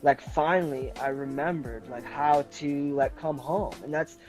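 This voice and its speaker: A man's voice: a little high, unhurried, darkish tone, soft background music, rough recording. A man telling a long personal story as a podcast guest, rambling and filling nearly every phrase with "like". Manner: rambling, leans heavily on filler "like". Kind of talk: personal story in casual conversation.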